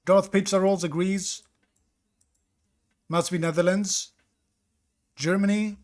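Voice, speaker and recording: A man's voice: high-pitched, fairly even intonation, slow pace, a little mellow. A man streaming a geography guessing game, thinking aloud, second-guessing his guesses and answering his chat. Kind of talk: live-stream commentary reading chat.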